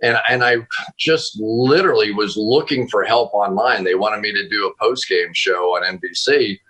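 A man being interviewed as a football analyst over a video call from home, telling a story in a casual, animated way with frequent laughs and restarts. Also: on the low side, normal speed, slightly rough, rough recording.

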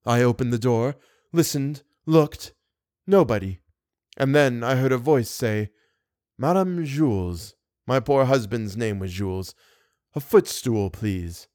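A man voicing a haughty, excitable older woman who keeps a theatre box. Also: medium pitch, slow pace, no room sound, clean studio sound. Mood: confiding. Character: indignant gossipy older woman box-keeper.

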